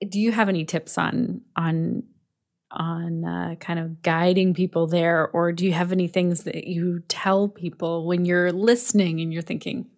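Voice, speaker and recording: Woman, low-pitched, podcast host, casual questions, chatty fillers. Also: level tone, measured pace, darkish tone. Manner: conversational, asks long questions with fillers. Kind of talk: podcast interview.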